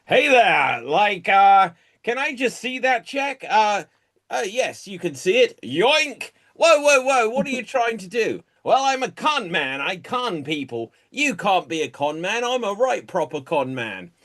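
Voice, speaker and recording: A man playing a smug, cheeky con man in a high, chirpy improv voice over a video call. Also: sing-song, unhurried, fairly bright tone, exaggerated voice. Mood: gleeful.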